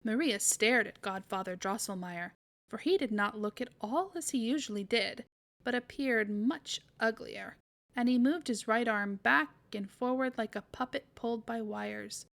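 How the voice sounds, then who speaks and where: Creaky-voiced woman reading a story aloud. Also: a little high, measured pace, a bit bright. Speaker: podcast storyteller.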